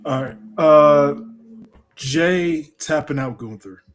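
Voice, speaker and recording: A man's voice: a little high, slow. A young man co-hosting a casual podcast, complaining bluntly and with lots of profanity. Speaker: podcast co-host.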